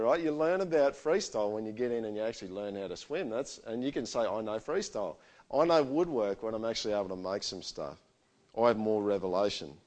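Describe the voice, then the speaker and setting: Aussie guy preaching, chatty storyteller vibe, voice sits a bit low. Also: fast talker. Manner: conversational, animated storytelling. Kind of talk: sermon with personal stories.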